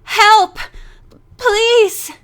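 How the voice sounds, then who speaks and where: Audiobook role: a woman reading a frightened young female model, cold and sputtering, pitched up and unhurried. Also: fairly bright tone. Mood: panicked. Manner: sputtering, shaky, pleading. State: shivering and cold. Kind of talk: audiobook character voice.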